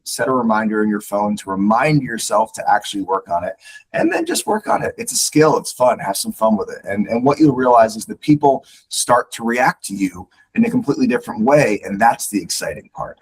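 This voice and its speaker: A man giving coaching advice as a podcast guest, instructive and animated, often repeating words as he starts sentences. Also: mid-range voice, gravelly, husky, low-quality recording. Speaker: guest speaker on leadership.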